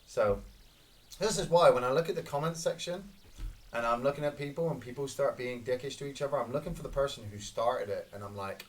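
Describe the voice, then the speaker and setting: A Scottish man giving casual, excitable gameplay commentary, swearing and reacting loudly to each kill. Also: mid-range voice, a little fast. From Scotland. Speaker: gaming streamer.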